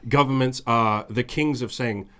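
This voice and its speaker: A man's voice: mid-range voice, steady tone, a little slow, bright, forceful tone. A man hosting a podcast in casual chat, speaking bluntly with profanity and emphatic repetition. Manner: mimics whiny demands in a raised voice. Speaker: podcast host.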